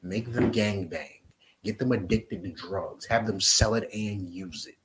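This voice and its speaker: A man with a New Jersey accent teaching scripture in an emphatic, profane style, swinging between loud outbursts and low asides. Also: measured pace, a crowd in the background, low-quality recording. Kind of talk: street preaching lesson.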